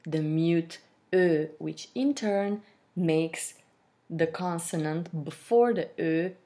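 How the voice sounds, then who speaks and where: Slow-speaking woman teaching French. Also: lowish voice, warm tone. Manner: slow, deliberate explanations, modelling French pronunciation with fillers. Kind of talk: language lesson.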